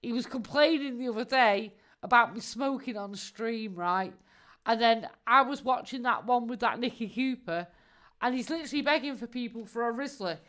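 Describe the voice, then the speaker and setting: A woman's voice: on the high side, moderate pace, a bit bright. A woman, giving casual live-stream commentary in a mocking tone, laughing often and swearing freely.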